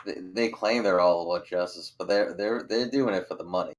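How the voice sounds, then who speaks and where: A man's voice: low voice, brisk. A man playing a tabletop game, talking bluntly and swearing casually. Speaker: player.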